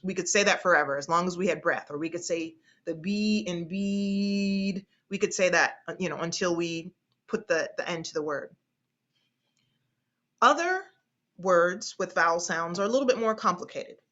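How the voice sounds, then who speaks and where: A woman speech instructor teaching an online class, hesitating often and slowly stretching out vowel sounds as she demonstrates them. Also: on the low side, animated, a bit bright, highs cut off. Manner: hesitant, with frequent fillers and restarts.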